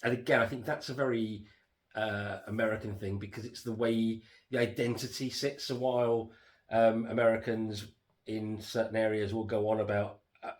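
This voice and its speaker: A man co-hosting a relaxed review chat, his voice sitting a little on the low side. He rambles through his points in a loose, self-deprecating way. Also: moderate pace. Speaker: podcast co-host. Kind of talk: casual chat.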